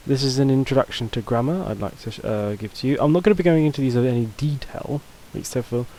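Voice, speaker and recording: A man's voice: mid-range voice, fast, mellow, poor audio. A man teaching a casual video lesson, talking loosely with fillers and restarts. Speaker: language teacher.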